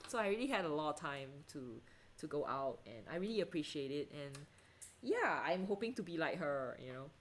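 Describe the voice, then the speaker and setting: A woman's voice: low voice, very animated, brisk, slight background noise. Chatty laughing woman from Singapore. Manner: chatty, laughs often, many fillers and restarts. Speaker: livestream painting host. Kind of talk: casual chat while painting, reading viewer comments.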